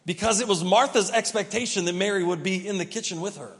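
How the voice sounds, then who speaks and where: A man's voice: high-pitched, fast. A man pastor giving a conversational sermon, telling the story vividly and asking the congregation questions. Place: church sanctuary. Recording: reverberant church hall.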